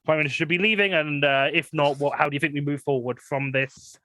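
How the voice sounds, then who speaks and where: A man hosting a live comedy show as a mock debate moderator, halting with fillers and laughing often. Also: on the high side, steady tone, sharp tone. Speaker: host.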